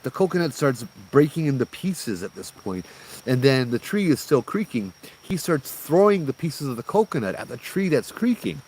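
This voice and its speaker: A man with a fairly low voice tells an animated, casual ghost story on a forest trail at night. He drops slang and laughs now and then as he talks. Crickets and insects chirp faintly behind him. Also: slight background noise, rough recording. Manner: animated, laughs while telling, uses slang like bro. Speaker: ghost tour guide telling a story.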